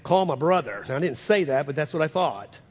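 A male pastor telling a story as part of a sermon, earnest and building to loud, fervent peaks. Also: on the high side, animated, a little fast, breathy edge. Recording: long hall reverb.

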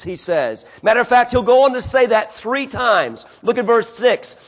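A man with a high voice delivers a sermon. He reads scripture and hammers his points home through repetition, sliding between hushed, low stretches and raised, insistent ones. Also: sing-song, normal speed, hardly any pauses. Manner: emphatic, repeating phrases and swinging from hushed to raised. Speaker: preacher.

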